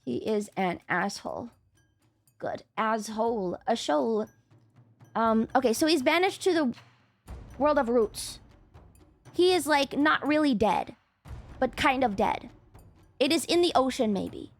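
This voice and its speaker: A woman streaming and chatting casually with her viewers. She swears, laughs often and yells at chat. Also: a little high, lively intonation, measured pace, long pauses, soft background music.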